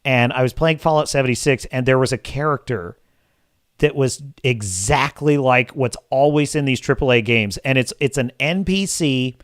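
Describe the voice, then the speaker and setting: Here a podcast host delivers a casual live-show rant, crude and sarcastic and plainly exasperated. He speaks at normal speed in a medium pitch, recorded cleanly in a studio without echo.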